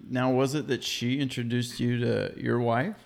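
A man co-hosting a podcast, chatting casually and throwing in quick jokes. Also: mid-range voice, flat delivery, vocal fry. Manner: quick jokey interjections. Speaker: podcast co-host. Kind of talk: casual chat.

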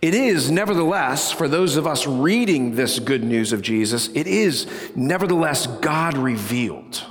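A man preaching a sermon to a congregation, animated, with loud bursts and hushed low passages. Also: measured pace, few pauses, big-room sound. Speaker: pastor. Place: church sanctuary.

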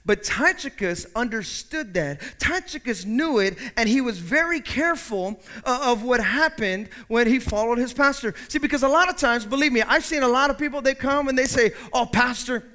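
High, bright-voiced preaching pastor. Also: male voice, animated, moderate pace, hardly any pauses. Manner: emphatic preaching that swings from quiet asides to shouted peaks. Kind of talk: sermon. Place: church.

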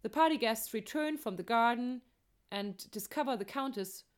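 A woman's voice: on the high side, animated, moderate pace, clear, resonant tone. A woman narrating an operetta's plot in a chatty, playful way, with joking asides. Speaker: opera plot explainer.

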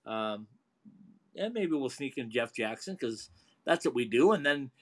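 A man's voice: mid-range voice, animated, a little slow, a bit bright. A man hosting a sports radio show, chatting casually with plenty of fillers and restarts. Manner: rambling, filler-heavy, chuckling.

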